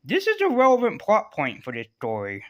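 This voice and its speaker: A man's voice: high-pitched, wildly swooping pitch, a little fast, a bit bright. A man casually reviewing comic books in a rambling, sarcastic way, swearing freely.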